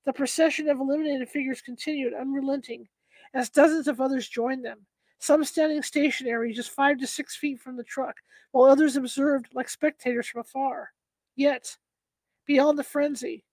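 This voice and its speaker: A woman narrating an audiobook in a steady, dramatic reading. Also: sits high, no room sound.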